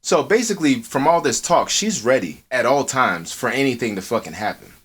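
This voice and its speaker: A man co-hosting a podcast, telling a story in casual, profanity-heavy talk, acting out quotes in a high voice. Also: brisk, breathy edge. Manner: swears a lot, animated, acts out quotes in a high voice. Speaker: podcast co-host. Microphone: earphones with mic.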